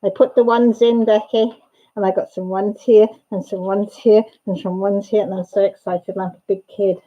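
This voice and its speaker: A woman hosting a casual chat livestream, excitable, laughing and greeting viewers by name. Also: mid-range voice, normal speed. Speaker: livestream host. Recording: dull lo-fi livestream sound.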